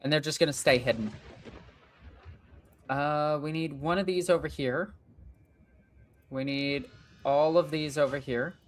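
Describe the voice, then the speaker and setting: A woman's voice: low-pitched, a little slow, long pauses. A woman hosting a gaming channel, talking to herself through a strategy game, frustrated and swearing as she plans her moves. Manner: frustrated, thinking aloud, swearing. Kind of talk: let's play commentary.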